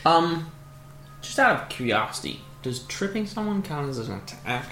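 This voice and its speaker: A tabletop player thinks aloud through ideas, pausing with "uh" as thoughts form. The voice sits in a roomy echo. Faint music plays underneath. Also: medium pitch, sing-song, a bit bright. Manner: thinks aloud with "uh" and loose musings. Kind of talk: casual tabletop game play. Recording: echoey room with faint music.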